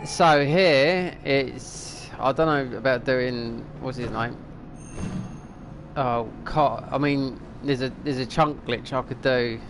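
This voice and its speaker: A man's voice: medium pitch, steady tone, slow, noisy background. A middle-aged man, rambling and thinking aloud as he comments on a game, now and then swearing at it. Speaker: streamer. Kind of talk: casual gameplay commentary.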